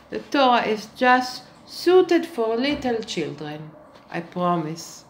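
A woman's voice: mid-range voice, very animated, slow, slight background noise, poor audio. A woman giving a sarcastic monologue to camera, speaking with mock-earnest irony and addressing her viewers as children. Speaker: satirical vlogger.

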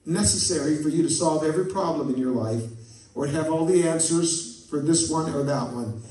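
A man's voice: fairly high pitch, normal speed, dark tone. Folksy male preacher in an echoey church. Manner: folksy, tells jokes and stories, asks the congregation for amens. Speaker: pastor. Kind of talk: sermon. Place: church sanctuary. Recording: echoey church from a distant mic.

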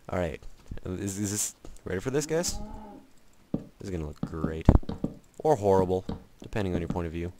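This let's-play commentator has a low, warm voice and speaks in an animated way at a moderate pace, leaving long pauses. He rambles, makes fun of himself, and chats to the game and to himself, with slight background noise behind him.

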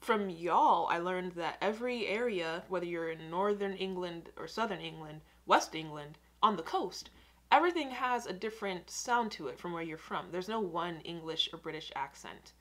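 Low-voiced American woman reacting casually. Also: lively intonation, normal speed. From United States. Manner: chatty, rambling, self-mocking asides. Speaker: reaction video host.

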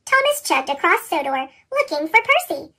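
A woman reads a children's picture book aloud with lively, expressive storytelling. The chipmunk pitch-shift makes her voice squeaky and very high, with a bright tone and a wide, sing-song swing. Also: moderate pace. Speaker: storybook reader. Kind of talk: children's read-aloud narration.

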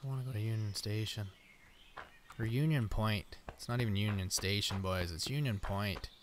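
A man's voice: on the low side, normal speed. A man commentating on a survival game as he plays, talking to himself and his viewers and swearing often. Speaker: gameplay commentator. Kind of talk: let's play commentary. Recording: with clear background noise.

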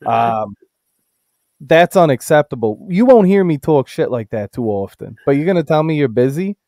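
A man's voice: a little high, very animated, a little fast, mellow, no room sound, clean studio sound. A man co-hosting a casual live stream, ranting with heavy profanity and reading out chat comments. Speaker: stream co-host.

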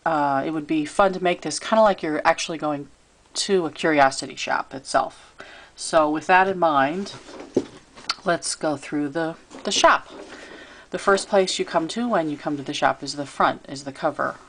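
A woman giving a chatty, relaxed show-and-tell of a handmade craft piece, filming it herself. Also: sits low, normal speed. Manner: chatty and relaxed, with fillers and little asides. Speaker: crafter showing her handmade album. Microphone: camera she handles while filming.

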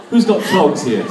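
A man joking and laughing bawdily while he banters on a convention panel stage. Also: high voice. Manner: bawdy, playful, laughing. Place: large convention hall. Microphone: audience handheld recording. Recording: echoey hall from far off, crowd noise.

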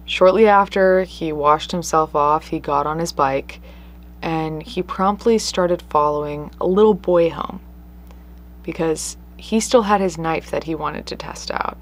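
A woman's voice: sits low, measured pace. A woman hosting a true crime show, telling a case in an earnest, conversational way with emphatic stresses. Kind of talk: casual true crime storytelling.

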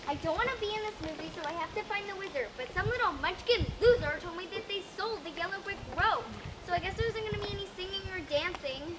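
A woman's voice: very high voice, quick pace, hardly any pauses, background noise. A woman playing a blunt, fed-up stranded girl. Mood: exasperated. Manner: blunt, exasperated. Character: fed-up young woman stranded in a fantasy land. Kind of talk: improvised stage comedy scene. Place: theatre camp stage.

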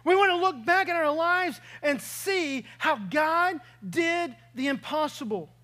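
Man, pastor, sermon, storytelling, high voice. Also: animated, a little slow, bright, forceful tone. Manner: storytelling, acts out his own past reactions.

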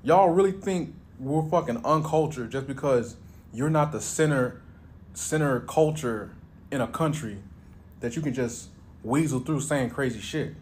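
A man's voice: mid-range voice, measured pace, a little hiss or hum. Blunt profane man ranting. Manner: blunt, profane, riffing with put-on voices. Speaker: reaction video host. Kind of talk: profane reaction commentary.

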